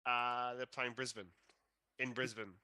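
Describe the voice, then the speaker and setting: A man's voice: mid-range voice, level tone, moderate pace, bright, forceful tone, clean tone. A man with an Australian accent co-hosting a podcast, giving brief, easygoing replies in casual chat. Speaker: podcast co-host.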